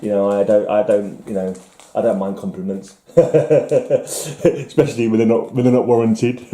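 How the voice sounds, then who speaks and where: A man's voice: on the low side, steady tone, measured pace, mellow, roomy sound, slight background noise. A man casually rambling through his comic haul, musing aloud and mocking himself as he goes. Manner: musing, self-mocking, trailing off. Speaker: comic collector showing a haul.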